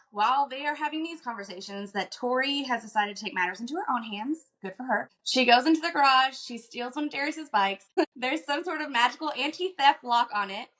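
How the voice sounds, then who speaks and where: A woman co-hosting a book podcast, casually retelling a novel's plot and quoting characters in a quick, lowered voice. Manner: lively storytelling, quick paraphrased quotes in a lowered voice. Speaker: podcast co-host.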